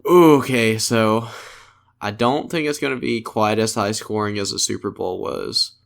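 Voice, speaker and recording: A man's voice: on the low side, measured pace, creaky. A man co-hosting a casual sports podcast, laughing often and swearing casually. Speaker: podcast co-host.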